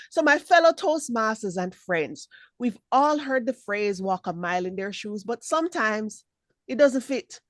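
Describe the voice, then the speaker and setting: A woman giving spoken feedback as a speech evaluator on a video call, encouraging and lively, acting out examples as she talks. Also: medium pitch, dry recording. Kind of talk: spoken feedback at an online meeting.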